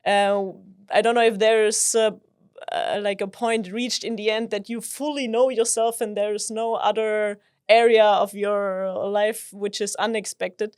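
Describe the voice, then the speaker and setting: A woman's voice: medium pitch, flat delivery, measured pace, darkish tone, clean tone, no echo. Woman with a dry, close sound, speaking hesitantly. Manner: thoughtful, hesitant, with fillers like "uh" and "like". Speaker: guest, mentor. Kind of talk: casual podcast chat.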